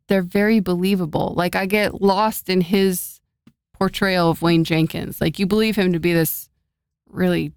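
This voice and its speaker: A woman's voice: on the low side, clean tone, no echo, clean studio sound. A woman co-hosting a casual talk show, chatty and agreeable, who laughs easily. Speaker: podcast co-host. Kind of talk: casual chat.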